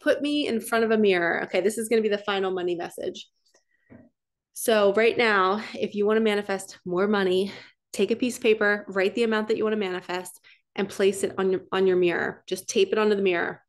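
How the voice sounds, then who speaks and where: Excitable chatty woman reading oracle cards. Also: medium pitch. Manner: chatty and excitable, frequent laughs and gasps, quick then drawn-out. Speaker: spiritual reader and coach. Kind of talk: casual tarot and oracle card reading.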